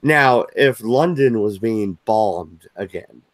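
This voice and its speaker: A man's voice: on the low side, expressive, slow pace, no echo. A man co-hosting a live stream, chatting casually in profane, joking banter. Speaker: stream co-host. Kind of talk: casual chat.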